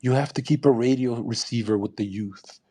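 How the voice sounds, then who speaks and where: A man's voice: mid-range voice, a little fast, dark tone, slightly rough. A young man in his twenties hosting a live audio room, talking in a crude, combative and boastful way. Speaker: livestream host.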